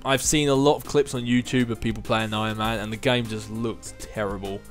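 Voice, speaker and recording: A man's voice: on the low side, steady tone, brisk, faint music behind. A man hosting his own gaming channel, answering viewer questions in a casual, chatty way and chuckling between thoughts.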